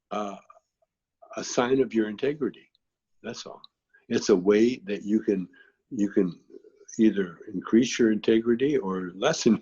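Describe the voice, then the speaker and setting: A man's voice: mid-range voice, mellow, slightly rough, muffled recording. A man being interviewed who tells long, rambling stories in a laid-back way, with plenty of filler phrases. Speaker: guest, actor and comedian.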